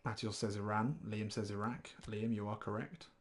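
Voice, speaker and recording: A man's voice: lowish voice, level tone, normal speed. A man, rambling chattily through live gameplay commentary while greeting chat viewers. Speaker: game streamer.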